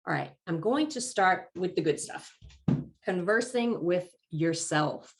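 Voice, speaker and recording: A woman giving a talk as a life coach, calm and encouraging, slightly congested from allergies and clearing her throat now and then. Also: lowish voice. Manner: calm, encouraging and measured, stressing key phrases. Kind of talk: presented talk.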